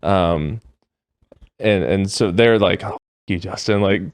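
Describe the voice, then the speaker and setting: Deadpan young man, smooth voice. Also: low voice, slow pace, no echo. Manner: deadpan, dry humor. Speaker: podcast guest. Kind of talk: casual podcast interview.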